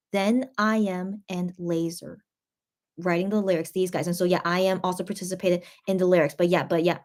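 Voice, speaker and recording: A woman in her thirties hosting a K-pop reaction video, explaining things to viewers in a chatty, rambling way with many restarts. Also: medium pitch. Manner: explains Korean phrases to viewers. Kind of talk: casual reaction commentary.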